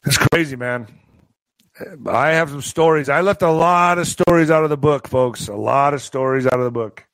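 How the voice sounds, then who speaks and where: A man telling a profane story to his video audience, animated and full of spoken sound effects. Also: on the high side, moderate pace, no room sound, poor audio. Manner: slips into a Spanish-accented put-on for quoted locals. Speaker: vlogger and author telling stories. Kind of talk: casual storytelling to camera.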